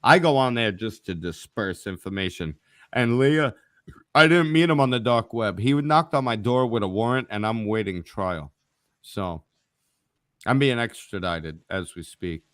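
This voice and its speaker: A brash, profane man rants and teases his friends on a casual live stream. His voice is smooth and resonant. It sounds close and dry, with no room around it. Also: lowish voice, expressive, a little slow, no echo. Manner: brash, profane, ranting and teasing. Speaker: guest co-host of a live online show.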